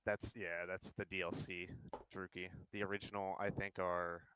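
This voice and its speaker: Eager low-voiced man in voice chat. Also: level tone, normal speed, bright, forceful tone, clear, resonant tone, rough recording. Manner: eager, explains at length with a laugh. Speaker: guest in voice chat. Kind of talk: casual gaming chat.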